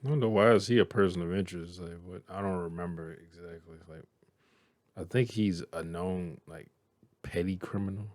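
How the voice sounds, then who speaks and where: Southern man, low voice, casual reaction host, blunt and profane, dry close sound. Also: fairly even intonation, moderate pace, a little mellow, dry recording. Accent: Southern American. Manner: profane, blunt, laughing, mimics characters.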